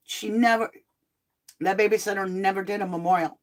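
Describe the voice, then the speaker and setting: A middle-aged woman hosting a live true crime tarot chat from home, talking casually and bluntly with animated asides while she is sick on cough medicine. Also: mid-range voice, brisk. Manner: chatty, blunt, animated asides and mock quotes.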